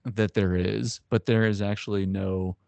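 A man's voice: fairly low pitch, steady tone, unhurried, creaky, darkish tone, no room sound. A man co-hosting a casual podcast chat, dry, skeptical and stubborn. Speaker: podcast co-host.

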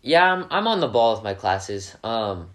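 A teenage boy, a high school quarterback, answering interview questions in an earnest, upbeat way. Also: moderate pace. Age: teens. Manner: earnest and upbeat, gets animated. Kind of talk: casual interview chat.

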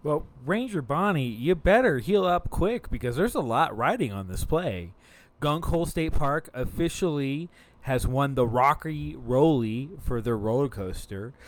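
A man co-hosting an improvised comedy podcast as a park ranger, throwing in dry deadpan asides. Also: mid-range voice.

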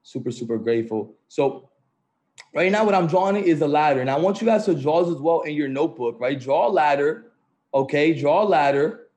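Male motivational host, slightly higher voice, upbeat and repetitive, talking over a video call. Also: expressive, brisk, darkish tone. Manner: upbeat, repetitive, keeps saying "right?" and "family". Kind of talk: motivational group call talk.

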